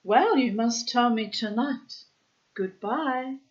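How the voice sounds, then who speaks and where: A composed young society woman speaks in a light, gracious voice, as a woman reading a storybook puts her on. She talks slowly and unhurriedly. The recording sounds slightly muffled. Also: on the high side, pitched above the performer's own voice. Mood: cool, polite.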